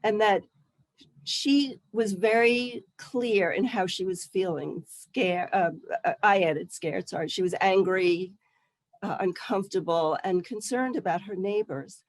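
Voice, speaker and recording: A woman facilitating a spiritual workshop, reflecting back what a participant shared and explaining the listening exercise calmly. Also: mid-range voice, a little slow, no room sound. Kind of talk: teaching through role-play.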